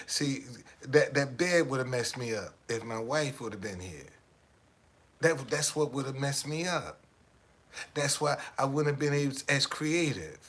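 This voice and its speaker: A middle-aged man vlogging in a casual storytelling monologue, animated and streetwise, often restarting his sentences. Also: medium pitch.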